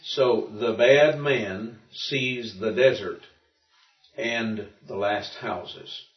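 A man with a medium-pitched voice teaches a Greek lesson in an informal classroom, speaking very slowly. He explains patiently while thinking aloud and often restarts, and the recording is muffled, roomy, and distant.

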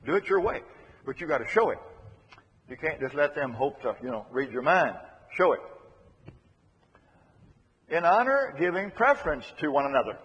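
A man preaches a sermon with a slightly raised, husky voice that swings widely in pitch, repeating phrases and dropping to a hush for emphasis. The lo-fi recording carries a long reverberant tail from a large hall. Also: very animated, normal speed, long pauses. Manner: emphatic, repeats key phrases, shifts between loud and hushed.

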